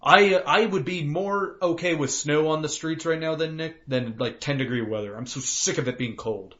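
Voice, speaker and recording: A man's voice: a little high, normal speed, fairly bright tone. A young man from Colorado co-hosting a podcast, chatting casually with lots of swearing and acting out his car and other drivers. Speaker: podcast co-host. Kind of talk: casual chat. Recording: dull lo-fi podcast audio.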